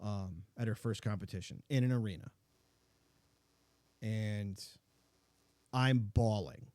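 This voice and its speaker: A man's voice: on the low side, slow pace, a little mellow, no echo. A middle-aged man hosting a podcast in casual chat. He tells stories loosely, with lots of "like"s and fillers. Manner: chatty, filler-heavy storytelling with many "like"s. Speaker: podcast host.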